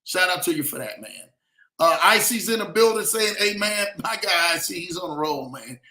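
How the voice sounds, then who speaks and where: A young man hosting a livestream, giving heartfelt motivational talk with lots of "man" and "y'all" and reading shout-outs to his chat. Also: sits high, animated, normal speed, echoey room, rough recording. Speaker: livestream host.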